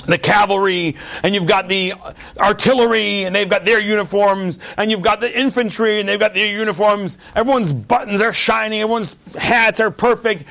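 A middle-aged man giving a sermon, telling stories with acted-out quotes in an animated way. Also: sits high.

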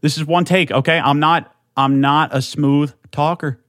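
A man's voice: on the high side, steady tone, a little slow, fairly bright tone, dry recording, studio quality. A young man hosting a solo podcast, talking in an amped, rambling way with lots of swearing and restarts at a desk mic. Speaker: podcast host.

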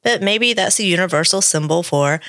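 A woman's voice: lowish voice, moderate pace, fairly bright tone, no room sound, studio quality. A woman co-hosting a podcast, reading a story aloud with playful asides. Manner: reads the script with playful asides. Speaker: podcast co-host.

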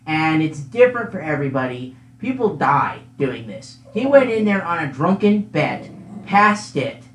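A woman's voice: deep voice, very animated, moderate pace. A woman narrating as game master, giggly and full of fillers. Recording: echoey room, faint noise.

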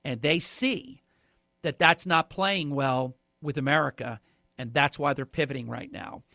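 A man's voice: medium pitch, a little slow, creaky, pushed and bright, no room sound, clean studio sound. A man filling in as a radio talk show host, giving emphatic, opinionated commentary and speaking straight to callers.

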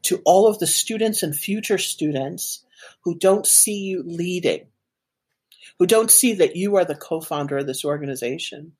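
A woman voicing another woman who scolds her slowly and reproachfully. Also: on the low side, expressive, darkish tone, slightly rough. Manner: slow, reproachful. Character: stern woman scolding, adult.

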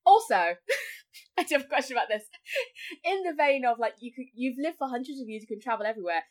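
Chatty woman with a high voice. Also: animated, fast. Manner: chatty, full of likes, acts out voices. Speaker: podcast guest. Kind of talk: casual podcast chat.

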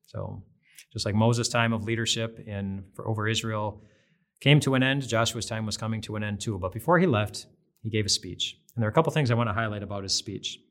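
A man's voice: on the low side, a little fast, a bit bright. A man giving an earnest, conversational devotional Bible talk, repeating phrases for emphasis. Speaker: devotional speaker.

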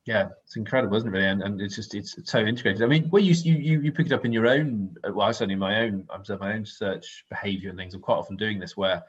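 A man's voice: lowish voice, fast, few pauses, husky, highs cut off. A man co-hosting a casual chat, rambling and correcting himself mid-sentence with apologetic asides.

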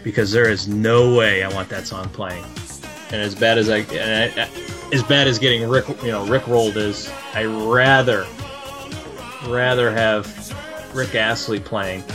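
A man's voice: lowish voice, fairly even intonation, a little slow, over music. A man giving a blunt, emphatic interview answer. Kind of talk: casual street interview answer.

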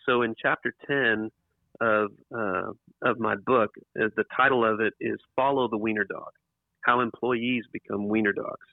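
A man's voice: on the low side, steady tone, normal speed, creaky, no room sound. A man being interviewed about his book, talking in a rambling way with restarts and emphatic repeats. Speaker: author and interview guest. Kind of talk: casual interview talk. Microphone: computer microphone. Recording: tinny phone-like line, dry.

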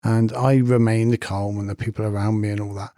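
Earnest man, mellow dry voice. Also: fairly low pitch, little pitch movement, fairly quick, dry recording. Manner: storytelling, earnest, repeats points for emphasis. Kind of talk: reflective spoken talk.

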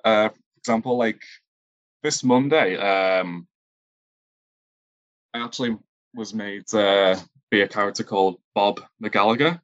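Improv guest, male, lowish, rambling and hesitant, dry close sound. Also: dry recording, muffled recording. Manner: halting, searches for words, many fillers. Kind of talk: casual interview answers.

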